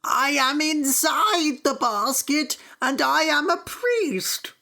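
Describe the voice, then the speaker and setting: A woman voicing a frightened male priest who begs in high, crying tones. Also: lively intonation, slow, sharp tone, exaggerated voice. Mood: pleading. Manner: high pleading cries. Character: frantic male priest trapped in a basket.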